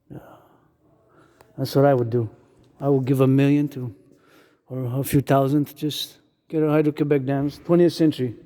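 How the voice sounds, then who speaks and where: A man's voice: mid-range voice, dark tone, no echo. A man vlogging outdoors, chanting rhythmic marching cadences and chatting with passersby in English and French. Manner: rhythmic call-and-response chanting, switching between English and French.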